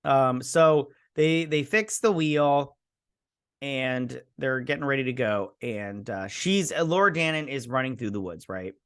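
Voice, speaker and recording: A man's voice: mid-range voice, animated, a little slow, smooth. A man hosting a casual review show, recapping an episode in a sarcastic, exasperated ramble full of fillers and restarts, slipping briefly into the characters' lines. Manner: sarcastic, exasperated, mimics characters mid-story.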